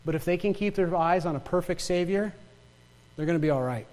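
Male pastor, Yooper accent, high voice, emphatic sermon delivery, reverberant church hall. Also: a little fast, darkish tone. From northern Michigan. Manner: emphatic preaching with rhetorical questions and repeated words.

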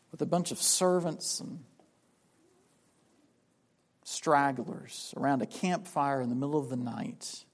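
His voice is on the high side and a little mellow as this South Carolina preacher works through a Bible passage. He performs the voices of the people he quotes and echoes words when starting sentences over.

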